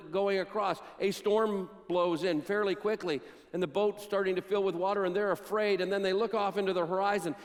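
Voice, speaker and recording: A man preaching a sermon, retelling Bible stories and acting out the quotes with dramatic pauses. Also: sits high, long reverb tail. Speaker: pastor. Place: church sanctuary.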